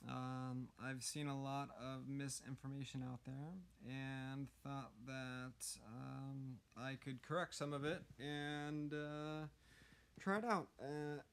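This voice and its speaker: A hoarse man giving casual game tips, hesitant, with many ums and uhs. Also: mid-range voice. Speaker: gaming YouTuber.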